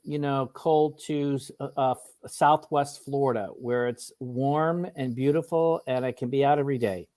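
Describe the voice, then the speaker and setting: A man answering quick questions as a guest in a live online interview, friendly and hesitant, over a video call. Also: mid-range voice, fairly even intonation, a little mellow. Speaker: guest, wellness coach.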